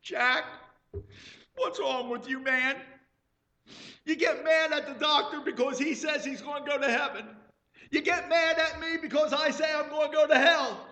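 A woman's voice: sits high, fairly even intonation, moderate pace, muffled recording, pitched above the performer's own voice. A man putting on a scolding, blunt wife. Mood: exasperated scolding. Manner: scolding, shouting.

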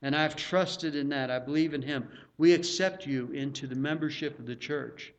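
Emphatic preacher man, fairly high voice. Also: moderate pace, muffled recording. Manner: emphatic, repeats words for stress. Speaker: pastor. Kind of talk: sermon.

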